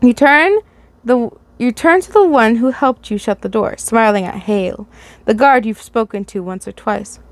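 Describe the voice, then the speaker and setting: A woman's voice: a little high, normal speed, no echo. Brief: woman reading a slasher fanfic aloud, casual, trips over words, dry close sound. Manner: stumbles and restarts while reading. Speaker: fanfiction reader.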